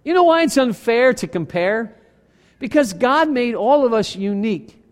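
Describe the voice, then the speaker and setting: Male pastor, high voice, animated sermon delivery, long hall reverb. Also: normal speed. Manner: animated preaching, acting out quoted arguments, self-deprecating asides.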